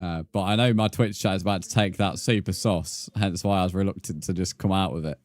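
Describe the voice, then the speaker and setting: A young man talks to his live chat in a lowish voice, chatty and easily amused. The sound is close and dry, with no room echo. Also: fairly even intonation, a little fast. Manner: chatty, reads and answers chat messages, laughs often. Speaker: streamer. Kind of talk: casual live-stream chat.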